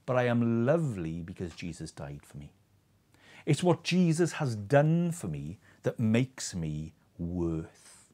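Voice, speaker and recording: Expressive male preacher. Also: mid-range voice. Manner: earnest, expressive preaching with rhetorical questions. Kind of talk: sermon.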